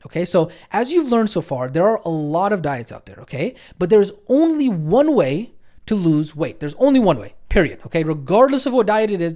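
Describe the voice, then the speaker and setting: A man teaching a recorded online nutrition course as coach, energetic and chatty, often checking in with "okay?" and "right?". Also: high voice. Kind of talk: recorded online training lesson.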